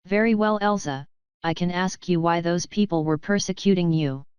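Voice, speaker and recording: A woman reading the lines of a calm, commanding young male king in an audio novel, in a formal, unhurried way. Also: fairly low pitch, clear, resonant tone, no echo, dull audio, lightly acted.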